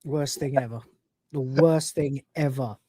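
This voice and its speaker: A man's voice: medium pitch, measured pace, mellow, husky. A man hosting a live review stream, ranting and swearing in exasperation. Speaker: host.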